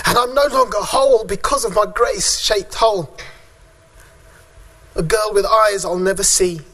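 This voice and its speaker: A man performing a spoken word poem at a conference, reciting in a rhythmic way with long dramatic pauses. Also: high voice, sharp tone. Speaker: father speaking at a conference.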